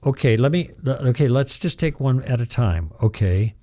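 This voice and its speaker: A man's voice: medium pitch, animated, moderate pace, mellow. A man hosting a radio call-in show, leading a caller through patient questions. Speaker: radio talk show host.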